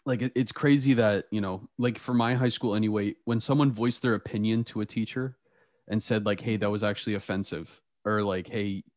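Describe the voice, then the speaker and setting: A young man hosting a podcast chats casually and tells animated stories, laughing often. His voice is fairly low and a little fast, with studio-quality audio and no room sound.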